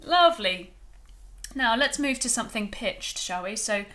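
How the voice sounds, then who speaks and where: High-voiced woman leading choir warm-ups. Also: lively intonation, unhurried, soft background music. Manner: gentle, encouraging, counts breaths aloud. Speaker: choir director. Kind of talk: vocal warm-up coaching.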